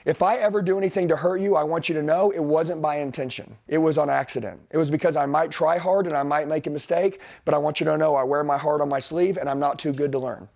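Blunt, intense sales coach. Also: male voice, fairly high pitch, quick pace, creaky, few pauses, a little mellow. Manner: blunt, intense, direct, preaching to the room. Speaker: sales trainer. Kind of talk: motivational training talk to a group.

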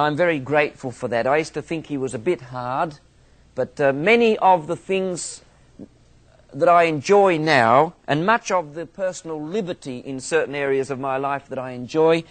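Australian minister with a fairly high voice. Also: male voice, moderate pace. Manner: humorous storytelling, self-mocking asides. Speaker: minister lecturing on theology. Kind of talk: theology lecture with anecdotes.

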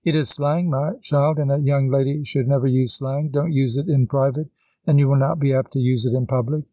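A man voicing a kindly woman teacher who gently lectures a girl, in an audiobook reading. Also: medium pitch, fairly even intonation, fairly quick, dry recording, natural voice. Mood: earnest. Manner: patient, instructive.

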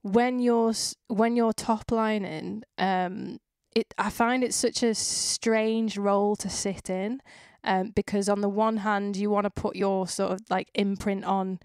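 A woman's voice: medium pitch, fairly even intonation, unhurried, few pauses, darkish tone, no room sound. Northwest english woman hosting a podcast, rambly and chatty, dry close sound. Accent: Northwest England, Cheshire. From England. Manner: chatty, rambling, swears casually. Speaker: podcast host. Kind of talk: casual interview chat.

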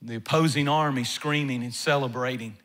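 A man preaching a sermon in church as pastor, emphatic and repetitive, with bursts of shouting. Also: medium pitch, normal speed. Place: church sanctuary.

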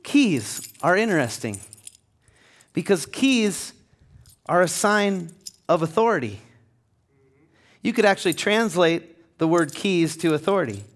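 Man, pastor, passionate sermon, slightly high voice, swings loud and emphatic. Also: very animated, a little slow. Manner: passionate, rising to near-shouting. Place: church sanctuary.

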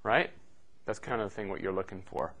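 A middle-aged man with a low, fairly bright voice gives a live university lecture at a fairly quick pace. He explains the steps loosely and jokingly, often saying "okay" and "right."

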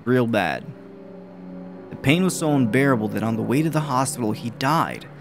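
Stern male private eye from a horror game, flat and plain, as a gamer reads him out. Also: medium pitch, moderate pace, vocal fry, music in the background.

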